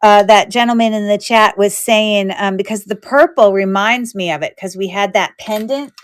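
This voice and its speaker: A woman's voice: mid-range voice, moderate pace, slight background noise. A woman hosting a live jewelry sale in casual, rambling chat, thinking aloud as she shows each piece.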